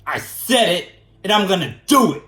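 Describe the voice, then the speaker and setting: Animated, indignant man in an echoey room. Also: sits high, moderate pace. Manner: animated and indignant, repeats phrases for emphasis. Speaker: vlogger. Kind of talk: casual storytelling rant.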